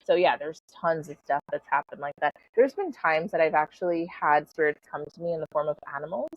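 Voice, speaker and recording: A woman's voice: low voice, a little fast, dry recording. A middle-aged woman guest on a podcast, chatting casually through a personal story with lots of "like" and "you know", laughing easily. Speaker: podcast guest, spiritual coach. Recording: slightly dull lo-fi sound.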